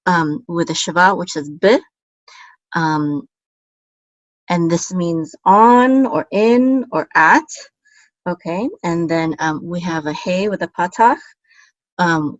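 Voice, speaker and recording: A woman's voice: fairly low pitch, no room sound, rough recording. Woman patiently teaching a language lesson. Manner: patient, explains slowly, repeats syllables and corrects herself. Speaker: Hebrew teacher.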